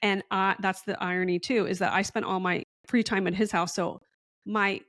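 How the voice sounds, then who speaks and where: A woman's voice: medium pitch, a bit bright, no room sound, studio quality. A woman guest in a casual podcast interview, telling a long story in a chatty, rambling way and acting out the dialogue.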